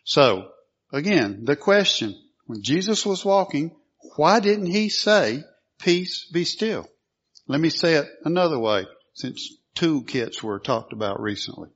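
Man preaching, somewhat high voice, lo-fi. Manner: reads scripture aloud, asks the listeners questions; clears throat often. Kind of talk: sermon. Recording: dull lo-fi sound.

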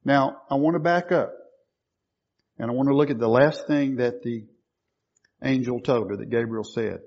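A man's voice: medium pitch, normal speed, gravelly, highs cut off. A man preaching a sermon, quoting scripture and stressing key words emphatically.

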